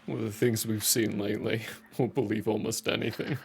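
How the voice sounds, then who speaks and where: A man's voice: fairly low pitch, little pitch movement, normal speed, creaky, slight background noise. A man playing in a tabletop game who adds chuckling, enthusiastic asides. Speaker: player.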